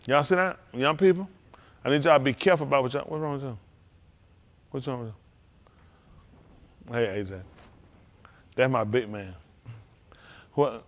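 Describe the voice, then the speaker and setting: A middle-aged preacher delivers a sermon in an animated way, calling out to his congregation and tossing teasing asides at the young people listening. His voice is mid-range, with a moderate pace and frequent pauses.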